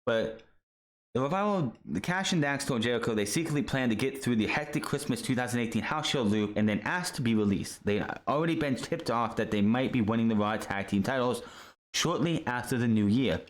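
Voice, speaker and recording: A man's voice: medium pitch, brisk. A man hosting a wrestling podcast, ranting casually with lots of swearing and stumbling restarts over names.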